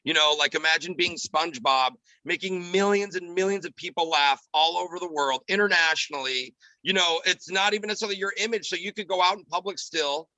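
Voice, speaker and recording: A man talking quickly and with animation in a casual podcast chat, a comedian and radio host. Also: high-pitched, dry recording, low-quality recording. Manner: animated, quick, drops into character voices.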